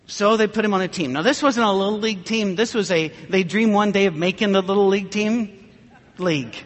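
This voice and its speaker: Speaking fairly quickly, a male preacher tells wry, self-mocking stories in a humorous sermon with dry wit. His voice sits high for a man, and a long reverb makes it sound as if it fills a big church hall.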